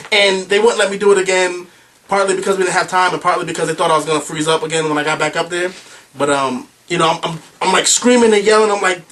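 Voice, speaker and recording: A man's voice: a little high, fairly quick. Chatty young man telling a story. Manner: animated, chatty storytelling with many fillers. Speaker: youth club speaker. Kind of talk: storytelling youth talk. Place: club meeting room with a group of youth. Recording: voice from a distance.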